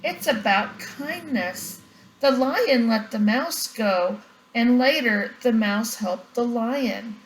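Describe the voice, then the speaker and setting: An older woman voicing an eager little schoolgirl who speaks up brightly in class. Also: on the high side, slow, a little hiss or hum. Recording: roomy echo, faint ambience.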